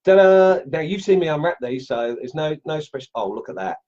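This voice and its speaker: A middle-aged Australian man hosting a casual woodcarving livestream from his home workshop, chatty and excitable, laughing as he tests knives and greets viewers. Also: a little high, brisk, muffled recording. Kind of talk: casual live-stream chat, unboxing and testing knives.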